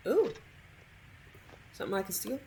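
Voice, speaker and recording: A woman's voice: mid-range voice, very animated, moderate pace, vocal fry, mellow. A woman giving casual, snarky commentary over her game, playfully talking back to the characters. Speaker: gamer streaming a playthrough.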